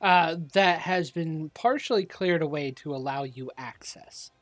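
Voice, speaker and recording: A man's voice: on the high side, measured pace, fairly bright tone, dry recording. A man narrating as game master in an online tabletop game, often trailing off with fillers. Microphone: online voice call.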